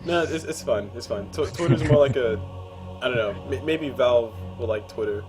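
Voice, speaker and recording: A man's voice: mid-range voice, moderate pace, over music. A man hosting a casual interview, upbeat and hype-driven, speaking straight to his viewers. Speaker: interview host.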